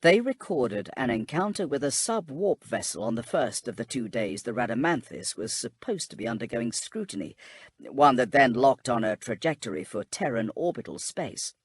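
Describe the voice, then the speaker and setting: A man voicing a grave, husky inquisitor. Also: mid-range voice, lively intonation, moderate pace. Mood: explaining.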